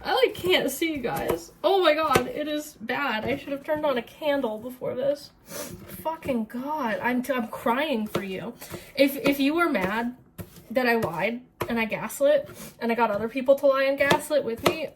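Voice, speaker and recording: In a noisy kitchen full of chopping sounds, a female streamer and cooking vlogger rambles casually as she cooks, poking fun at herself and swearing freely. Her voice sits high and her pace is unhurried.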